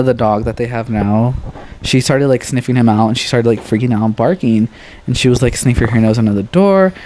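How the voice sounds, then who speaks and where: A man's voice: mid-range voice, a little hiss or hum. A young man, a podcast guest, telling stories in casual chat and acting out the voices of people in them. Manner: animated, acts out quoted voices, swears casually.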